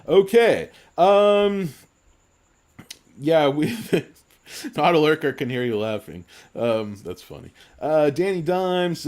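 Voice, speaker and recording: A man's voice: medium pitch, darkish tone. A tipsy man hosting a casual livestream, rambling jokily and reading out chat names. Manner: rambling, jokey, reads chat aloud. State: tipsy from drinking. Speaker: livestream host.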